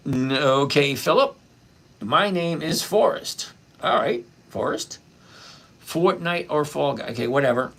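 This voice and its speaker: His voice is on the high side, creaky and a bit bright. He's a middle-aged host of a laid-back live stock-trading stream, reading chat, welcoming viewers by name and responding to what they ask.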